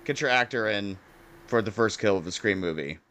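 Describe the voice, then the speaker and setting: A man's voice: lowish voice, expressive, a little fast, fairly bright tone. Young male podcast co-host, casual rambling film chat, laughs and swears a lot. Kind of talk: casual movie review chat.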